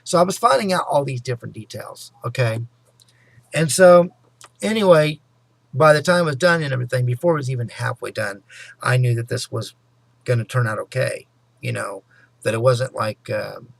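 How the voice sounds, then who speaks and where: A man with a gravelly, creaky voice talks casually to his viewers, rambling through a personal story. He keeps looping back with "anyway" and "you know" and sometimes speeds up and gets loud. The sound is close and dry, with no room echo. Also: mid-range voice. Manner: talks fast and loud at times. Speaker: vlogger.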